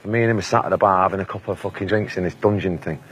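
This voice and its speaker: A man's voice: low voice, steady tone, racing, fairly bright tone. A Mancunian man in his forties, telling blunt, sweary anecdotes in a casual interview and laughing often. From England.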